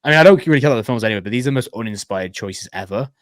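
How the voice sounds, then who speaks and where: A man's voice: medium pitch, animated, racing. Opinionated man on a movie podcast. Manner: opinionated, swears casually. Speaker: podcast co-host. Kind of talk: casual movie podcast chat.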